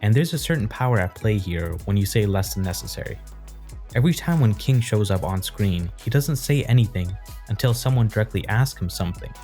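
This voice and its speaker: Low, mellow-voiced man explaining calmly. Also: brisk, soft background music. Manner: calm, analytical explaining. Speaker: video essayist. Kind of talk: explanatory video essay.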